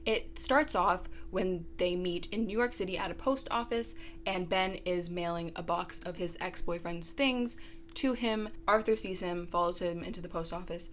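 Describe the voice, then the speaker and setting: A woman's voice: lowish voice, normal speed, slight background noise. A young woman ranting in a book review vlog, sarcastic and exasperated, full of "like".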